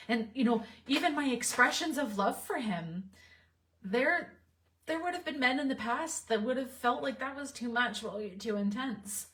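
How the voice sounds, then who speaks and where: Heartfelt, reflective woman coach, slightly distant mic. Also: medium pitch. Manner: heartfelt and reflective, with soft laughs and fillers. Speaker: relationship coach. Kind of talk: candid talk to camera.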